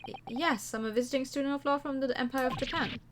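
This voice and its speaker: A woman's voice: high-pitched, fairly even intonation, fast talker, noisy background, lightly acted. Woman reading a polite young law student. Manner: hesitant, courteous.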